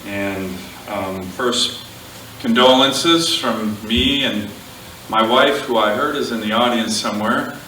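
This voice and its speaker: A man's voice: lowish voice, slight background noise. Guy from alaska giving a eulogy, lots of uhs and little jokes, far off mic, echoey. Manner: halting, fillers, warm joking asides. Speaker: speaker at a memorial. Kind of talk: public eulogy speech. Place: outdoor gathering with a crowd. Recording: echoey, distant amateur crowd recording.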